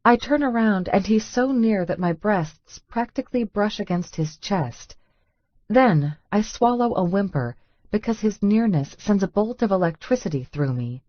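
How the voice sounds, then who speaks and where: A woman's voice: medium pitch, lively intonation, normal speed, dry recording, muffled recording. A woman narrating a first-person romance audiobook in an intimate, breathless inner-monologue manner.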